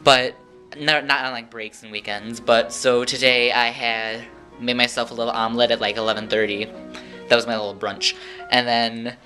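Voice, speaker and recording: A man telling a rambling, animated story in a casual vlog, acting out the voices of the people in it. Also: medium pitch, normal speed, faint music behind. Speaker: vlogger.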